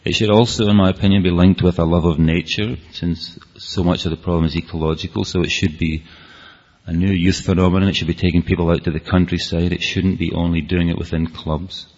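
Speaking a little fast in a deep, darkish voice with little pitch movement, a man with a Scottish accent gives an earnest, rambling talk and keeps restarting sentences. It's a dull, lo-fi recording from a hall.

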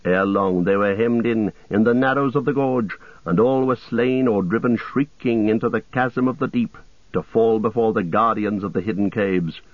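A man narrating an audiobook in a steady, measured way, over a tinny radio-like sound. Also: on the low side, no echo.

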